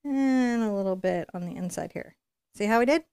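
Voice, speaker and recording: A woman's voice: medium pitch, moderate pace, vocal fry, warm tone, a little hiss or hum. A woman giving a live painting tutorial, chatting and encouraging as she works and thinking aloud. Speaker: painting instructor.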